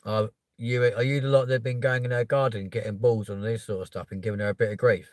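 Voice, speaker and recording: A man with a London accent tells a story in casual chat, his voice leaping up high and loud whenever he quotes himself. He swears freely and keeps checking in with "right?" and "yeah?". The sound is close and dry. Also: quick pace, no echo. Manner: animated, voice jumps up when quoting himself. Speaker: podcast host.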